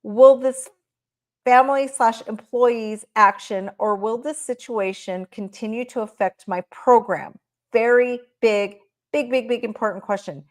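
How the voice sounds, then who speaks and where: A woman's voice: on the high side, a little slow. A woman presenting a workplace training talk, guiding listeners step by step through questions and often checking in with "right?". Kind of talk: presentation on managing staff. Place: recorded talk shared online.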